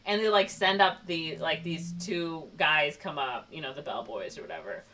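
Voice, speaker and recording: A woman co-hosting a podcast, telling a movie's plot in a loose, filler-heavy way with quick quoted voices. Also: sits low, bright, forceful tone, distant mic. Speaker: podcast co-host. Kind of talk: casual movie recap.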